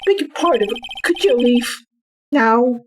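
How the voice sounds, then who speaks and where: A woman's voice: expressive, slight background noise. A woman playing a pompous old male lawyer. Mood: evasive. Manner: theatrical, drawn-out, swooping pitch. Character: pompous older male lawyer, evasive and grand. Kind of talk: game dialogue read aloud.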